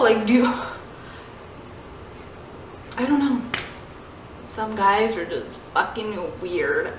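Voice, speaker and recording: A young woman telling a story in a casual vlog, animated and swearing, full of "like". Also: medium pitch, slow pace, pauses often. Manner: animated, swearing, heavy use of "like". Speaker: storyteller vlogger. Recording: echoey room, faint noise.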